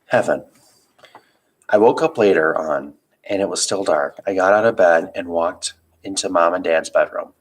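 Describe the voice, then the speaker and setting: Low-voiced man reading a novel aloud. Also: moderate pace, poor audio. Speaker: reader.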